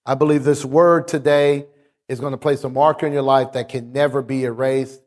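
A man's voice: medium pitch, fairly even intonation, moderate pace, a little mellow. A male pastor preaching a sermon emphatically, calling on his congregation to respond. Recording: long reverb of a large hall.

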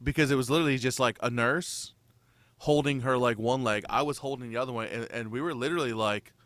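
A young man with a bright, forceful voice tells a story in a loose, rambling way. He swears freely and acts out what he said back then. The sound is close and dry, with no room in it. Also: medium pitch, fast talker, no room sound. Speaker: new father telling a birth story. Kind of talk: casual chat.

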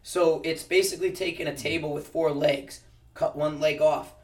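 Rifle instructor guy, kinda high voice, sitting back from the mic, stops and restarts a lot. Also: steady tone, far from the mic. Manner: explains with practical analogies, halting restarts. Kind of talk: casual interview answers.

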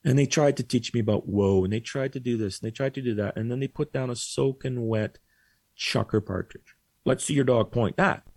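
A man on a podcast telling a story casually, with animated delivery and acted-out quotes. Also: mid-range voice, brisk, creaky, no room sound. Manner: animated, acts out quoted voices. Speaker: podcast guest.

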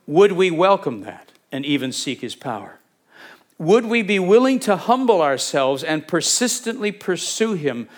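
Animated male preacher, lively pitch. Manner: animated, acts out Bible scenes with voices. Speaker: pastor. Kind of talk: sermon.

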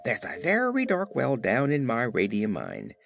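A man's voice: mid-range voice, huge pitch swings, moderate pace, creaky, fairly bright tone, soft background music, exaggerated voice. A man voicing a proud, joke-cracking young male Horner in a gleeful, boastful manner. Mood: eager.

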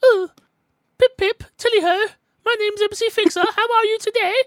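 A man's voice: very high voice, fairly even intonation, moderate pace, a bit bright, dry recording, studio quality, voice pushed up. A man voicing an exaggerated posh, overly polite upper-class Englishman, with a British accent. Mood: hammy.

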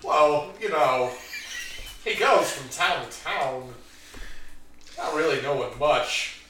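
A wandering loner rambles on and answers the voices in his own head , as a player puts him on. He sounds set back from the mic in an echoey room, with steady noise behind. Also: a little high, slow, recorded from a distance. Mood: rambling. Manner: muttering, rambling to himself. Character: wandering loner man who talks to himself.

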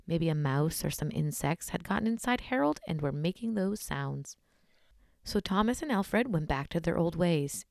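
A woman's voice: lowish voice, creaky, darkish tone, no room sound, clean studio sound. A woman podcast host reading a scary story aloud in a casual, blunt way. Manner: casual and blunt, swears in asides.

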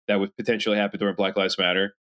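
A man co-hosting a podcast in casual chat, profane and rambling, slipping into animated impressions. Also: on the low side, rapid-fire. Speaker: podcast co-host.

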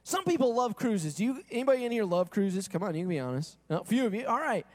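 With a high voice that swings widely in pitch, this male pastor preaches quickly yet a little mellowly. He engages the congregation with questions and acts out quotes, all echoing with long reverb in the sanctuary.

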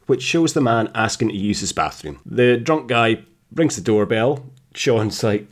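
A man's voice: mid-range voice, sing-song, slow pace. A man co-hosting a casual podcast, reading out news stories with frequent laughter. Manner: laughs often, acts out quoted lines. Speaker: podcast co-host.

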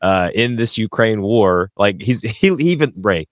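Brief: young male co-host, lowish pitch, loose storyteller, laughs a lot, dry room. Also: lively intonation, unhurried, dry recording. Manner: rambling storyteller, laughs often. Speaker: podcast co-host. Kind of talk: casual banter.

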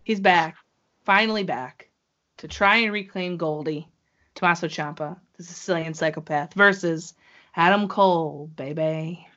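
A woman co-hosting a casual podcast chat, talking in an excitable, gushing way. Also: lowish voice, muffled recording. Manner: excitable, gushing fan talk. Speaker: wrestling show co-host.

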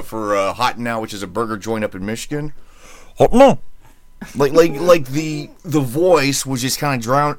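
A man's voice: medium pitch, dry recording. A man hosting a podcast in a casual chat, telling rambling stories with lots of fillers and sometimes mimicking other voices. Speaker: podcast host, former radio worker.

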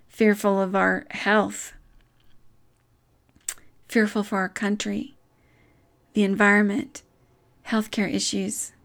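A middle-aged woman giving a reflective devotional talk, earnest and soft-spoken, with measured pauses. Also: mid-range voice.

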